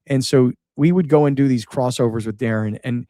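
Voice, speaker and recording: A middle-aged man hosting a radio show, remembering a late friend in halting speech that repeats words and shifts between sadness and laughter. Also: mid-range voice, warm tone, no room sound, clean studio sound. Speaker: radio host. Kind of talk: emotional on-air remembrance.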